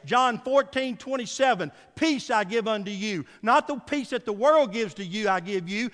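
Male pastor, high voice, preaches with big swings from hushed to loud, echoing church hall. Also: normal speed. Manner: swings from soft and low to loud and emphatic; calls out "Amen?" to the congregation. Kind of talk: sermon. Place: church sanctuary.

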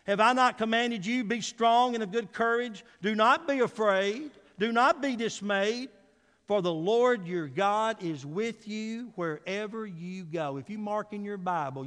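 Man, pastor, sermon, high-pitched, soft-to-loud delivery, long church reverb. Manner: swings from soft and low to loud and emphatic; calls out "Amen?" to the congregation. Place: church sanctuary.

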